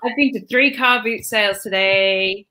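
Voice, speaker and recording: A woman co-hosting a casual live stream, cheerful and quick with short quips. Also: mid-range voice, pushed and bright. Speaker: co-host.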